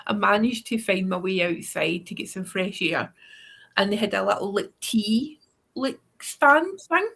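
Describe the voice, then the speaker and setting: A woman's voice: medium pitch, expressive, unhurried, gravelly, fairly bright tone, slightly rough. A Scottish woman co-hosting a tarot livestream, chatting casually, laughing often and swearing now and then. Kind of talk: casual chat.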